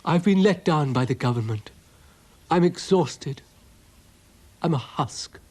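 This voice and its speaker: A man's voice: expressive, slow, a little mellow. A man doing a huffy pompous cartoon dog. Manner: huffy, self-important, high-pitched. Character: grumpy pompous male dog.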